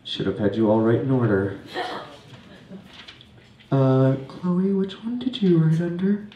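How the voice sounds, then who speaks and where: A man's voice: fairly high pitch, measured pace, dull audio. Man telling a rowdy stage story. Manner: casual, rambling, swears freely. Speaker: comedian and host. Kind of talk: live stand-up storytelling. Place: small venue with live audience. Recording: echoey room from far off, faint noise.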